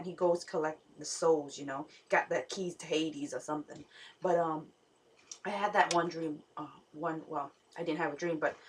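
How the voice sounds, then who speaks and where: Rambling woman vlogger, far from mic. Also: fairly low pitch. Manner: rambling, many fillers and restarts. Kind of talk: rambling dream retelling.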